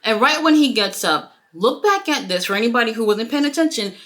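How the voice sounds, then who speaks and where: A woman's voice: a little high, brisk. A woman giving a casual, profane wrestling review, acting out the quotes. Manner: animated, profane, acts out quotes.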